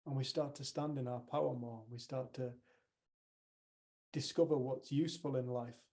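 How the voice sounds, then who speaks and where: A man's voice: mid-range voice, steady tone, moderate pace, dark tone. A man leading a workshop, giving a conversational motivational talk and retelling stories with quoted dialogue. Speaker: workshop leader.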